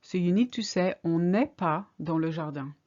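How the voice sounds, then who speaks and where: A woman's voice: fairly low pitch, moderate pace, darkish tone, lo-fi sound. A woman teaching a language lesson, patiently explaining each example step by step. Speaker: French teacher.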